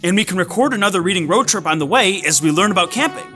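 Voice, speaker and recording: A patient inventor, voiced by a performer, speaking in a mid-pitched voice with lively, swooping intonation. Calmly reins things in, then announces plans with cheer, over loud music. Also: fast talker, close to an everyday voice. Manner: patient, steering, upbeat announcing. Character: inventor character, patient sidekick. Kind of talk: children's puppet show. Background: loud background music.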